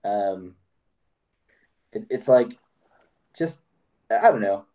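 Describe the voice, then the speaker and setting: A man's voice: fairly low pitch, expressive, very slow. A man hosting a casual conversation, rambling and acting out bits of dialogue as he tells stories. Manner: rambling, acts out quoted dialogue. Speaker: podcast host. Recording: dull lo-fi sound.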